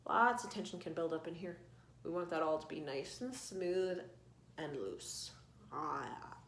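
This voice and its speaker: A woman with a bright, lively voice coaches a vocal warm-up, giving calm, coaxing instructions. Her voice rises and falls a lot. She is recorded in an echoey room with a faint hiss behind her. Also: on the low side, normal speed. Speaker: singing coach. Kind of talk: online vocal warm-up lesson.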